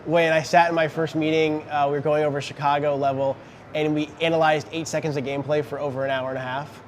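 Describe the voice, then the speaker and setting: A man chatting casually as a podcast co-host, halting and searching for his words, at an indoor launch event. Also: fairly high pitch, flat delivery. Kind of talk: casual chat. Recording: noisy crowded event floor.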